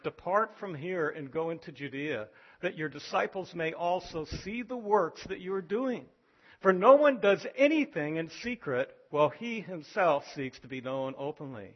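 A man preaching a sermon as pastor, animated, acting out voices from scripture. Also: highs cut off. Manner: animated, acts out biblical voices with rising pitch.

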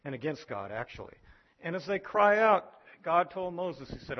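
A man preaching a sermon as pastor, animated, acting out voices from scripture. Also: moderate pace, muffled recording. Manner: animated, acts out biblical voices with rising pitch.

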